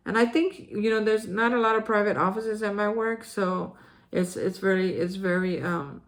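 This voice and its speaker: Woman, earnest personal storytelling, emotional, mid-pitched, lots of fillers and restarts. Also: moderate pace. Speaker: host sharing daily recovery reflections.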